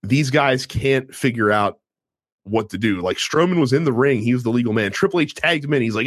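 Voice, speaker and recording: A man chatting casually about a wrestling show, telling the story with lots of energy and acting out bits of dialogue. His pitch swings up and down expressively, and the recording sounds dry and close with no room sound. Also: fairly quick, no echo. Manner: animated storytelling, acts out wrestlers' lines, swears casually. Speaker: podcast co-host. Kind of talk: casual wrestling recap chat.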